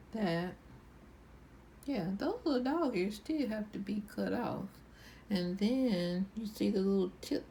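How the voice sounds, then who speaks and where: Woman, quilting vlog host, slow unhurried delivery, rambling and repetitive, faint background hiss. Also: medium pitch, warm tone, poor audio. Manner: slow, rambling, repeats herself. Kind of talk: casual show-and-tell vlog.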